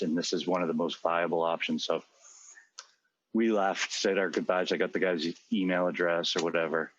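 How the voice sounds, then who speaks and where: A man's voice: sits low, a bit bright, slightly rough, lo-fi sound. A middle-aged man telling a long personal story in a rambling, earnest way, with many fillers and restarts. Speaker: podcast co-host. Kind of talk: conversational storytelling.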